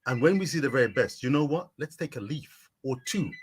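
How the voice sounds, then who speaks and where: A man's voice: medium pitch, lively intonation, brisk, a little hiss or hum. A man hosting a sports live stream, reading out viewers' comments and answering them by name, repeating his catchphrases in a preachy way. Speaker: sports vlogger.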